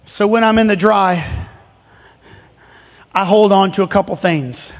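A man with a strikingly high voice preaches a fervent sermon as pastor. He swings between ringing shouts and conversational rhetorical questions to his congregation. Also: unhurried, pauses often, big-room sound.

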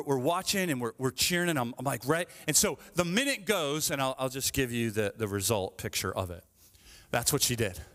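A middle-aged male pastor preaching a sermon, telling stories with lively swings from hushed asides to fervent appeals, often tagging lines with "right?". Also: a little high, in a large hall. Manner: frequent "right?" asides, repeats phrases.

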